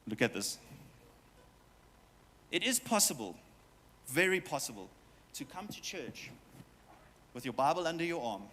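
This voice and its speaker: A man's voice: on the high side, very animated, a little slow, long pauses, bright, forceful tone, in a large hall. A man preaching a sermon as pastor, talking straight to his congregation with playful asides and quoted voices. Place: church hall with long reverb.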